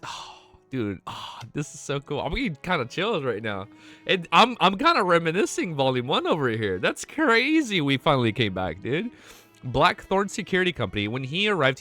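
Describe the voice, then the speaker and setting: A young man with a slightly high, pushed and bright voice streams himself reading a web novel aloud. He keeps breaking off to gush with excitement, swearing often and saying "dude" a lot.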